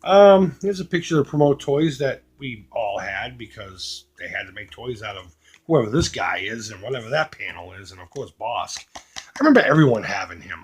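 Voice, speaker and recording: Husky crude collector showing his haul. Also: medium pitch. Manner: crude, joking, does quick mocking voices for pictures. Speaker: retro collecting YouTuber. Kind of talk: casual unboxing commentary.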